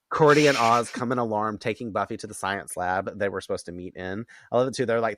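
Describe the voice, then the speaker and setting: A man hosting a podcast in a casual chat, animated and profane, laughing often and acting out quotes from characters. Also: on the low side, quick pace, hardly any pauses, dry recording, clean studio sound. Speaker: podcast host recapping an episode.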